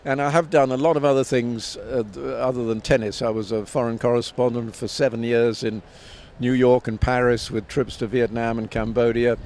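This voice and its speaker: A man in his seventies talks at a measured pace with plenty of ums and restarts. He sounds like a veteran commentator telling stories in an interview. His voice sits in a middle pitch, with faint noise behind it. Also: little pitch movement, a little mellow. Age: 70s. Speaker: tennis commentator and author, guest. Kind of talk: reflective interview answers.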